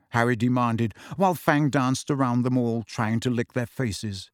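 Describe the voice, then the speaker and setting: A man narrating an audiobook in an expressive storytelling voice. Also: medium pitch, moderate pace, few pauses, no echo, studio quality.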